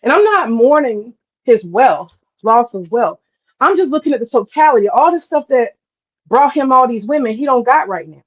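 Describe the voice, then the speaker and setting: A woman talking casually on a livestream, drawling and animated as she tells a story, with asides to herself. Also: on the high side, moderate pace, highs cut off. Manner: animated, drawling, swears casually, mutters to herself while cooking. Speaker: host.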